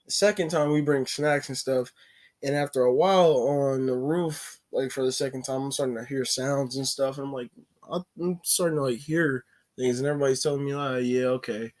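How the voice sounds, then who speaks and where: A man's voice: medium pitch, steady tone, moderate pace, darkish tone. A man telling a personal story in a casual, rambling way, full of "like" fillers and self-corrections. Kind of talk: casual story-time narration.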